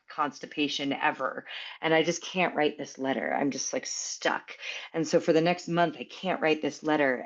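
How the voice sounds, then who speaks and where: A woman's voice: deep voice, dull audio. A woman guest on an interview show telling a personal story in a casual, chatty way, full of "like" and "um". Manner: chatty, many fillers and "like"s.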